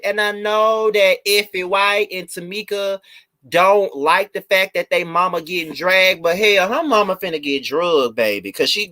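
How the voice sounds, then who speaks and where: A man's voice: sits high, sharp tone. A man hosting a live review, ranting emphatically to his viewers with blunt, profane repetition. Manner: blunt, swears freely. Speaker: video host and reviewer.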